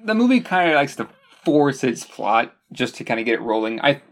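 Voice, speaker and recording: A man co-hosting a movie podcast who speaks at a mid pitch. He thinks aloud in a measured way, stopping and restarting his sentences as he goes. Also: big pitch swings. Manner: measured, hesitant, restarts often. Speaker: podcast co-host. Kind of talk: casual movie review chat.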